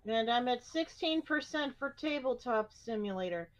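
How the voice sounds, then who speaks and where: A woman's voice: a little high, lively intonation, moderate pace, dull audio. A woman chatting casually on a gaming stream, rambling and joking about her computer troubles.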